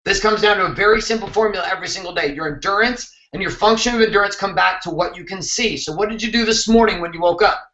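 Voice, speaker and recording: A man's voice: high-pitched, quick pace, few pauses, sharp tone, echoey room, muffled recording. A man hosting a motivational show, talking intensely and emphatically, with some swearing. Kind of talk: motivational talk to camera.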